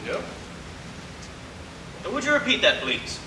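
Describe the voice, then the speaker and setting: A man plays a scheming older celebrity critic, sardonic and theatrical. He speaks high for a man, with lively, swooping inflection. He is heard from far off in an echoey hall, with noise behind him. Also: unhurried, heavily acted. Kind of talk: community stage play.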